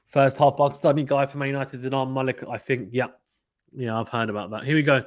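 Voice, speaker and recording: A man from the United Kingdom hosting a casual live cricket watchalong, reading viewer comments aloud and getting excited at big shots. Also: medium pitch, a little fast. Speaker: host reading live chat.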